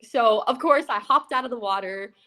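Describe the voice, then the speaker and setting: A young woman, an aquarist, telling a funny work story in a bubbly, excitable, casual way with plenty of fillers. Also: fairly high pitch, normal speed. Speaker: aquarist guest.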